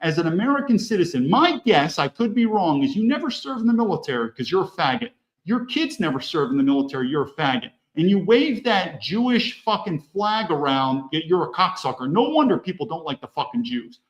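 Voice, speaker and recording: A middle-aged man with a slightly high voice rants as a podcast host. He speaks bluntly and heatedly, swearing freely and talking straight to his listeners. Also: big pitch swings, fairly quick, highs cut off. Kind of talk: angry political rant.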